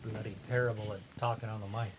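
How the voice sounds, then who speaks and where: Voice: mid-range voice, level tone, very fast, breathy edge, low-quality recording. A stream co-host giving blunt, sarcastic remarks during a casual watch-along.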